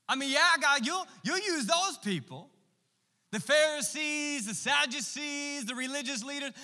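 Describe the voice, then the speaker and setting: A man's voice: very high voice, normal speed, sharp tone. A man in his thirties preaching a sermon in a church, impassioned and conversational, with casual asides to the congregation. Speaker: pastor. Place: large church hall. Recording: long church-hall reverb.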